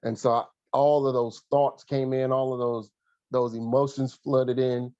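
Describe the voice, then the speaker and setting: A man recalling his past in an interview, earnest and halting, pausing often with fillers and restarts. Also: mid-range voice, flat delivery, a little mellow, no room sound, muffled recording. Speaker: guest, former college athlete and coach. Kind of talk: reflective interview storytelling.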